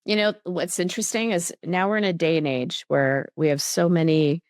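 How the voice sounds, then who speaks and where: A woman guest on a podcast, telling animated stories and acting out her own inner thoughts. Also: lowish voice, normal speed, no room sound, studio quality. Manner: animated storyteller who acts out her own inner dialogue. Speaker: guest author. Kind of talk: conversational podcast interview.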